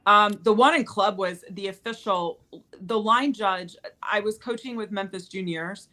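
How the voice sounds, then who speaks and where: A woman who coaches volleyball, casually telling animated stories and laughing as she goes. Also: medium pitch, measured pace. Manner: animated storyteller, laughs mid-story. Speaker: volleyball coach and podcast host. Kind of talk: casual chat.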